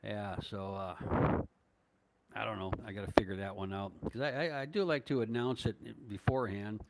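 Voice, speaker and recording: Answering live chat questions on a relaxed stream, an older vlogger from northern Minnesota, USA, rambles and hesitates with lots of fillers and chuckles. He speaks at normal speed in a lowish voice with vocal fry, and the audio is very noisy.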